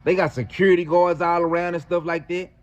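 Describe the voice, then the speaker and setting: High-voiced man telling a slangy story. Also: fairly quick, lo-fi sound. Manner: slangy, animated retelling with lots of fillers. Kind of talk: casual storytime.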